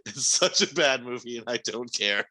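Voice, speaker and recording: A man's voice: medium pitch, lively intonation, moderate pace, bright, forceful tone. A man co-hosting a podcast, talking in a casual, opinionated way and swearing freely. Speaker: podcast co-host. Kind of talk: casual chat.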